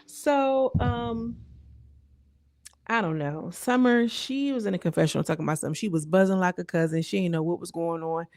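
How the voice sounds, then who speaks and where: A woman's voice: on the low side, moderate pace, darkish tone, dry recording, clean studio sound. A young adult woman recapping a reality show in casual, slangy chat, full of asides to the viewer. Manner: chatty, slangy, retells scenes with lots of asides.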